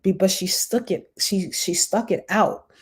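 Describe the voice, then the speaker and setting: A woman's voice: medium pitch, breathy edge. A woman with a New York accent, an online business coach giving chatty, encouraging advice to viewers on a live stream. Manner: fast-talking, encouraging, chatty.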